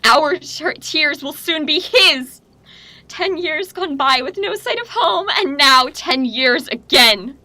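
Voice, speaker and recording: A woman's voice: high-pitched, lively intonation, slow, bright, forceful tone, no echo, heavily acted. A young woman, a student actor, playing a raving young prophetess princess in a stage tragedy, swinging between frenzied cries and grief. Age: young adult. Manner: frenzied outbursts and anguished cries.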